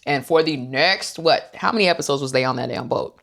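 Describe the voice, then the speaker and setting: Low-voiced woman with chatting about reality tv, opinionated, does quotes. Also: a little fast, gravelly, fairly bright tone. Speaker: host. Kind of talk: casual reality TV recap.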